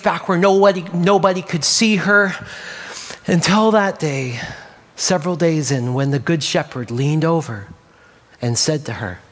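A man telling a children's story as a sermon, animated and playful, adding sound effects. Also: a little high, big-room sound.

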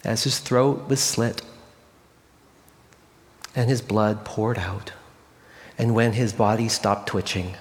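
A man telling a story in a sermon, expressive and often dropping to a hushed voice. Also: fairly low pitch, takes it slowly, long pauses, long reverb tail.

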